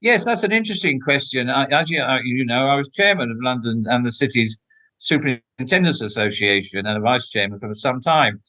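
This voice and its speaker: A man's voice: medium pitch, lively intonation, a little fast, bright, forceful tone. An older man, a former royal protection officer, answering interview questions in an emphatic, outspoken way with frequent restarts.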